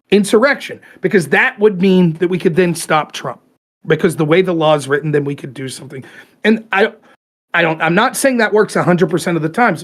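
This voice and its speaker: Animated ranting man, lively pitch swings. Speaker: podcast host. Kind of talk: casual political rant.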